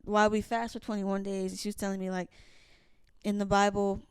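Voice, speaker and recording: A young woman co-hosting a faith podcast, telling stories in a casual, animated way and acting out what people said. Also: medium pitch, a little fast, clean tone, dry recording, clean studio sound. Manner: animated storyteller, acts out quotes, many restarts. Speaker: podcast co-host. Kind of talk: casual storytelling chat.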